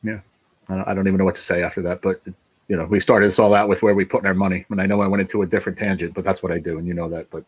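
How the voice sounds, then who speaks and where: A middle-aged man hosting a casual livestream, his voice low and a bit husky. He talks bluntly and emotionally, swears freely and rambles from one tangent to the next. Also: level tone, rapid-fire. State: fighting back tears. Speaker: channel host.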